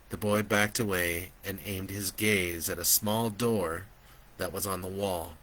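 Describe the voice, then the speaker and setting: Slow, bright-voiced male author narrating. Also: deep voice, steady tone, rough recording. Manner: slow, deliberate storytelling. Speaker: author reading his novel. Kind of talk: audiobook narration.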